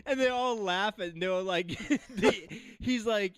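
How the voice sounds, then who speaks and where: High-voiced man retelling a story, laughing. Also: slow pace, long pauses, fairly bright tone, no room sound. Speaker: podcast co-host. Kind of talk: casual chat.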